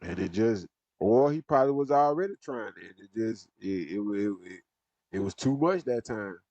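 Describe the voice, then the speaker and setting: A man's voice: fairly low pitch, lively intonation, darkish tone, dry recording. Slangy male streamer, dull dry sound. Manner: slangy, halting. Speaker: livestream host reacting to videos. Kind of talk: casual chat.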